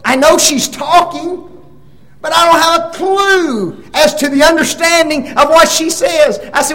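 A man's voice: very high voice, measured pace, roomy sound, poor audio. An older man preaching a Bible lesson, telling stories, acting out dialogue and asking the audience questions. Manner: animated storytelling, acts out dialogue, asks the audience questions. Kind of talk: sermon.

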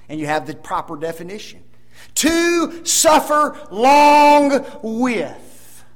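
High, animated preacher man. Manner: emphatic, asks the congregation rhetorical questions; swings between loud emphasis and hushed asides. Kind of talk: sermon.

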